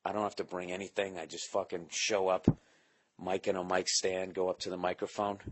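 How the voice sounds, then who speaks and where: A man with a low, husky voice hosts his podcast alone at home in the early morning. He keeps his voice down and rambles through profane, jokey stories. His delivery is casual and loose. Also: little pitch movement, brisk. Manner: keeping voice down at home. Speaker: podcast host. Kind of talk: casual solo podcast monologue.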